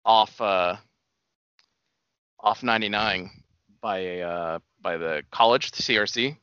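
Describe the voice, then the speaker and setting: Bright-voiced young man ranting profanely. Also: fairly low pitch, unhurried, clean tone, no echo. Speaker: podcast co-host. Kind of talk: casual chat. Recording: dull, dry lo-fi sound.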